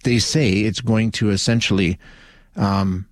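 Unhurried and steady in a lowish voice, a man hosts a call-in radio show with casual talk full of fillers and restarts. There is no echo.

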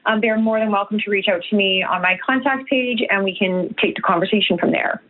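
A woman from Canada speaks as a guest over a tinny phone line. She talks earnestly and often restarts with fillers. Her voice sits at an ordinary middle pitch. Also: fairly quick. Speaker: guest, nutritionist and health coach. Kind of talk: broadcast interview.

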